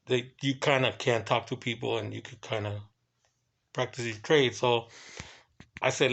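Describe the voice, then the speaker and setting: A man who works hotel security, telling a casual story in loose, halting runs and bursting into profane exclamations. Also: medium pitch, vocal fry. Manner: excitable and profane, breaks into quoted exclamations; talks in loose, halting runs with many fillers.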